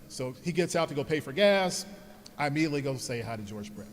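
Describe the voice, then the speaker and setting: A man giving a heartfelt speech at an alumni event, telling personal stories and speaking softly when he thanks his parents. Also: a little high, expressive, brisk, a little hiss or hum. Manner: earnest, storytelling, grows soft when thanking his parents. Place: large hall at an alumni event. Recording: long hall reverb.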